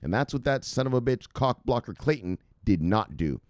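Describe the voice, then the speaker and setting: A man hosts casual crypto news commentary, reading headlines aloud before rambling off into laughing, profane asides. His mid-range voice has a darkish tone and lively intonation at a normal speed. The sound is clean studio audio with no room sound.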